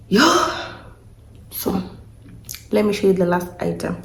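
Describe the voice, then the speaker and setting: Emotional young woman with a gravelly voice. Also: on the low side, steady tone, unhurried, pauses often, dark tone. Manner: emotional, gushing, repeats herself. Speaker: vlogger. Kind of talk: casual vlog, unboxing gifts. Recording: echoey room, faint noise.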